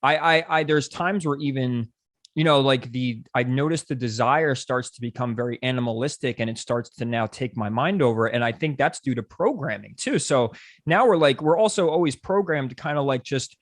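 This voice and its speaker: A man's voice: medium pitch, moderate pace, no room sound, studio quality. A man hosting a casual podcast chat, rambling with many fillers and restarts. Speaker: podcast host.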